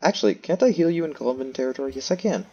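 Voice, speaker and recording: A man's voice: a little high, expressive, rapid-fire, mellow, muffled recording. A man giving casual gameplay commentary, thinking aloud and making self-mocking asides. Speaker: let's play host.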